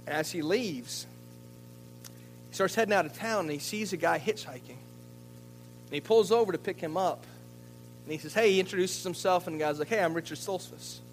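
A male pastor with a notably high voice delivers a sermon, spinning a story with lively energy and stumbling over repeated words. Faint music sits quietly behind him. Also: fairly quick, long pauses, rough recording. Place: church.

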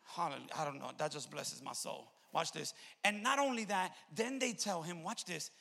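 A man preaching a sermon in a church, swinging between loud shouted peaks and low intimate asides, with a gravelly voice. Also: lively intonation, fast talker. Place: church sanctuary. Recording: long reverb of a church hall.

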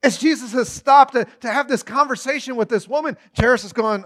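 Bright-voiced, animated male preacher. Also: extremely high pitch, fairly quick, hardly any pauses. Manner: animated storytelling, acting out voices in quotes. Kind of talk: sermon.

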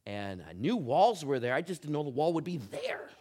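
A middle-aged man preaching a sermon, telling a funny personal story with animated, humorous delivery. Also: fairly high pitch, normal speed. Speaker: pastor.

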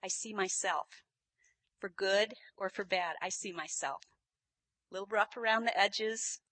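A woman preaching a sermon, telling the story with lively, animated delivery and sudden loud bursts. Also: medium pitch, a little slow.

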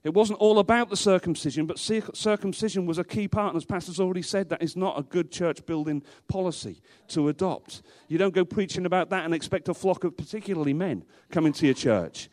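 Preaching to his congregation in church, a pastor with a high, light, a little mellow voice speaks briskly with hardly any pauses. He pounds his points home emphatically, repeating rhetorical questions and slipping in a dry joke now and then.

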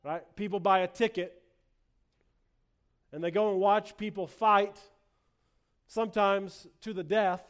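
A male pastor with a notably high voice preaches a sermon. He talks earnestly, often restarting phrases with repeated words. He acts out sarcastic quotes along the way. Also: steady tone, measured pace, long pauses.

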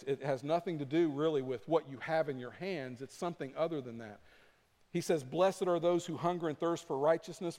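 A man preaching a sermon as pastor, earnest, dropping to a soft low voice when he prays. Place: church sanctuary. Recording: long hall reverb.

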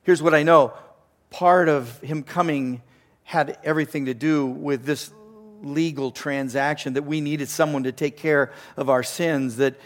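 Earnest preaching man, fairly high voice. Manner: earnest preaching, repeats phrases for emphasis, drops to quiet near-whispers. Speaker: pastor. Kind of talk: sermon.

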